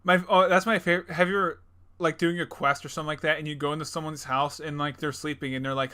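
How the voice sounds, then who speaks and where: A young man co-hosting a casual gaming podcast, rambling with lots of fillers, laughing often and acting out game characters in quick bursts. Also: a little high, fairly even intonation, bright, forceful tone, smooth. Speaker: podcast co-host. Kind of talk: casual chat.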